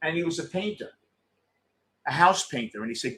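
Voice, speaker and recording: Host type: middle-aged New man, slightly higher voice, blunt and excitable live game chatter, swears freely. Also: quick pace. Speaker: postgame show host. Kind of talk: casual live game commentary with viewers.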